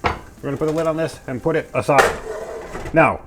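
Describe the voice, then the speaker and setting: Brisk and a little high-voiced, a man chatters goofily through each step as he cooks at home, throwing in playful sound words. It's casual cooking narration, and the clip is very noisy, with music clearly beneath him and pans clattering.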